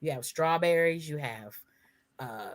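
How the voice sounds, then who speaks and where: A woman's voice: low voice, a little slow. A woman co-hosting a casual podcast chat, emphatic and spelling words out letter by letter. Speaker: podcast co-host.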